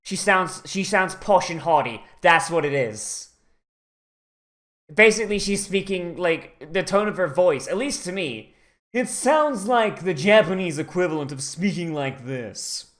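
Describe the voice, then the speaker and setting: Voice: medium pitch, animated, measured pace, fairly bright tone. A streamer giving casual, rambling watch-along commentary on an anime, swearing often and using lots of fillers.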